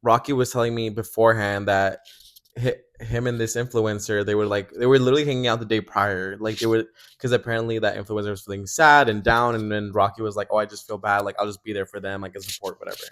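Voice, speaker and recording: A man's voice: on the low side, fairly even intonation, fast talker, fairly bright tone. A young man co-hosting a podcast, talking hesitantly and rambling through a story. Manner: hesitant, rambling with fillers and restarts. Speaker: podcast co-host. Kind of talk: casual chat.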